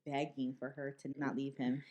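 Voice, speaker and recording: A woman in her twenties with an extremely low-pitched voice co-hosts a casual podcast at a moderate pace. She tells stories animatedly, swears freely, and acts out the voices of the people she quotes.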